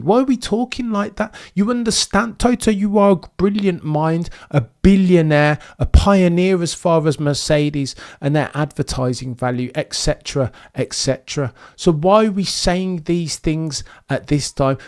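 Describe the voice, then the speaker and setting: A man commenting on motor racing news in an animated, emphatic rant, speaking directly to his chat. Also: fairly high pitch.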